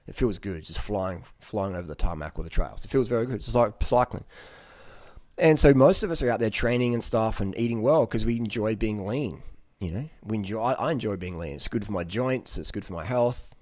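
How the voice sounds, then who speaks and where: A man's voice: on the low side, expressive, brisk, darkish tone, no echo, clean studio sound. A man talking in a casual, rambling monologue, blunt and profane, with lots of "you know" fillers. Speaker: vlogger giving diet advice.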